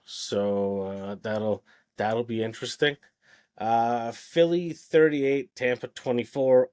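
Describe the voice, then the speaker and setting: Podcast co-host, male, quick wry picks list, mid-pitched. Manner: rattles off picks, wry asides. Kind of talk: casual chat, listing picks.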